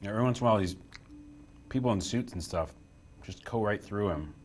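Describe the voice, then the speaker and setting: A man's voice: fairly low pitch, a little fast, darkish tone, a little hiss or hum. A young man hosting a casual live stream from a small office room, chatty and self-deprecating as he reads the chat aloud.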